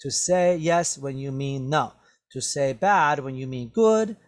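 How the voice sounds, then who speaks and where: Slow, patient man teaching English vocabulary. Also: mid-range voice. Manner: repetitive, drawn-out explanations with many "okay?" checks. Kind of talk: slow classroom vocabulary lesson.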